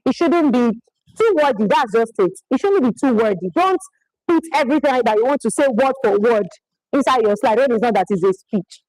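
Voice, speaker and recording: A woman's voice: a little high, expressive, fairly quick, darkish tone, dry recording, rough recording. A woman giving a live public speaking workshop, talking emphatically and often repeating phrases for effect. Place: presentation venue in Lagos.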